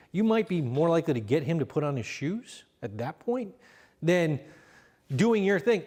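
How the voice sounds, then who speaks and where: A man with a slightly raised pitch leads a parenting seminar. He talks calmly and encouragingly, and drops into quiet, even examples of what to say to a child. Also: a little slow. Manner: calm, affirming, acts out level-toned examples. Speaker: seminar leader. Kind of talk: coaching parents in a live seminar.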